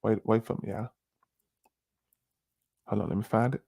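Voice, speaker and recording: Close to a dry mic with no echo, a preachy commentary streamer offers casual conspiracy commentary in a lowish, steady, warm voice with vocal fry at a normal pace. He leans heavily on fillers and repeatedly says "family."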